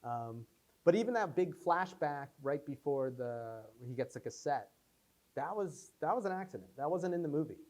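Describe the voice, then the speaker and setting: A man's voice: a little high, lively intonation, normal speed, darkish tone. A man, the filmmaker, telling rambling behind-the-scenes stories with lots of fillers at a Q&A after a screening. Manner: rambling anecdotes, many fillers, acts out quotes. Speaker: filmmaker answering audience questions. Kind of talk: casual post-screening Q&A. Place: screening room before an audience.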